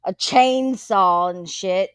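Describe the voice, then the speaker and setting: A woman hosting a casual live chat, blunt and quick to swear and laugh. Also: mid-range voice, a bit bright, clear, resonant tone, no echo, clean studio sound. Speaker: host.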